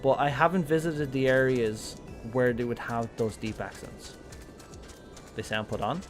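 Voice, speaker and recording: An Irish man casually commenting on a game during a live stream, chatty and rambling, often pausing with ums. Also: medium pitch, steady tone, faint music behind. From Ireland. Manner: chatty, rambling, thinking aloud with many ums.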